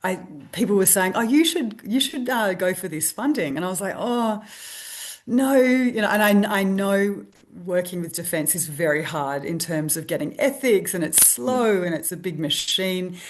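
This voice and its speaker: An Australian woman being interviewed, telling a lively anecdote and acting out the voices of people she quotes. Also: lowish voice, moderate pace, hardly any pauses. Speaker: guest, stress researcher. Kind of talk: storytelling interview.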